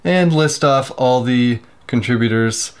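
Slow, casual male maker reading names. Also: medium pitch, smooth. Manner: unhurried, stumbles over names with self-deprecating asides. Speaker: maker YouTuber.

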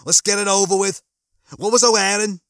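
A man voicing a defiant young spaceman with a Liverpool accent, loud and brash. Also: steady tone, brisk, no room sound, studio quality. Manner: loud, brash, raised pitch.

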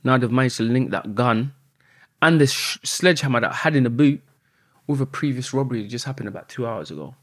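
A man, a podcast guest telling a story in an animated way and swearing often. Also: mid-range voice, quick pace, no room sound, clean studio sound.

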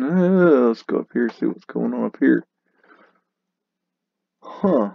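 A man hosting a casual photo tour, slowly musing and exclaiming at what he sees. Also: medium pitch, animated, vocal fry, no room sound, dull audio. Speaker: host narrating a photo tour. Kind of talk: casual commentary over photos.

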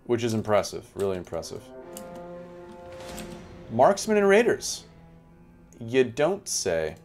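A man's voice: mid-range voice, slow, faint music behind. A young man giving chatty live game commentary, talking to his chat as he plays. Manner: chatty, animated, talks to chat. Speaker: streamer.

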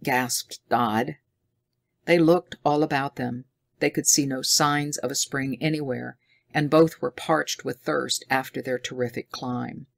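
A woman reads a story aloud in a slow, measured way. Her voice is low with a gravelly edge, and the sound is close and dry. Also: fairly even intonation, dry recording. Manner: measured, deliberate reading. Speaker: narrator. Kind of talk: scripted audiobook narration.

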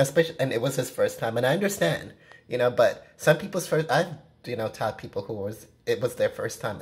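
A woman's voice: extremely low pitch, a little mellow. A woman vlogging from her apartment, talking straight to camera in a frank, rambling rant full of "you know" fillers. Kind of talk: casual vlog rant to camera. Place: own apartment, indoors. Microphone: camera at close range.

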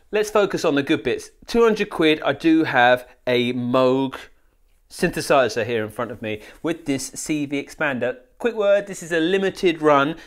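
A man presenting a casual unboxing demo for a shop, chatty and jokey, with asides to a colleague off camera. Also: medium pitch. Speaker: retailer product demo presenter.

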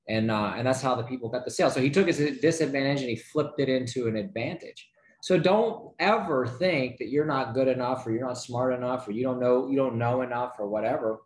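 A man giving a motivational sales training talk, energetic, with rhetorical questions and frequent checks like "right?" to his listeners. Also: medium pitch, brisk, echoey room.

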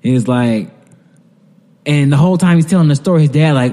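A man's voice: a little high, expressive, moderate pace, a little mellow, in a large hall. A man co-hosting a podcast, retelling a TV episode in loose, profane, laughing casual chat. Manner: profane, rambling, laughs while retelling scenes. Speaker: podcast co-host.

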